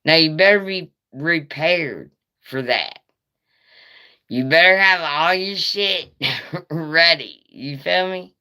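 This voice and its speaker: A woman live streaming in casual chat, with a raspy voice like a chain smoker's, talking in a nervous, rambling, profane way. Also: low-pitched, slow, bright, forceful tone.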